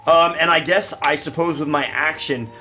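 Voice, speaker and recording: A man's voice: fairly high pitch, moderate pace, soft background music. A man playing a tabletop role-playing game, dramatic and joking about his character's plight. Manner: animated, dramatic, swears and laughs. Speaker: player.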